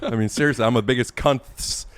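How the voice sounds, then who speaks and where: A man hosting a podcast, talking in a rambling, excitable and self-deprecating way, with many restarts, and trying to sing along. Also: medium pitch, a little fast, clean tone. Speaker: podcast host. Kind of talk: casual chat and amateur singing.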